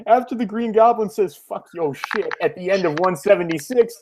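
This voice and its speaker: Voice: mid-range voice, moderate pace, a little hiss or hum. A co-host in a casual comic podcast chat, easily amused and steering the recap along.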